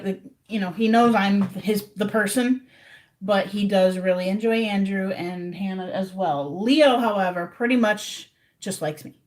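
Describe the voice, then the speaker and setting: Female streamer, relaxed rambling chat with viewers from her room. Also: mid-range voice. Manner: rambling, chatty, talks to viewers directly. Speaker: livestreamer. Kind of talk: casual livestream chat.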